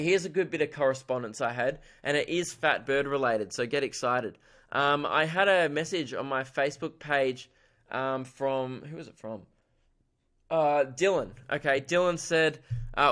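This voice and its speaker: An Australian man talks on his own comedy podcast in a rambling, irreverent monologue. He laughs often at his own jokes, and his voice sits slightly on the higher side for a man. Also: moderate pace, fairly bright tone.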